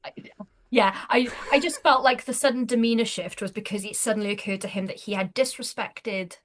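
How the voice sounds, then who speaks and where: A woman being interviewed as an author, telling a story in a chatty, animated way with restarts and fillers. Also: on the high side, fairly quick. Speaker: author guest. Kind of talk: casual interview chat.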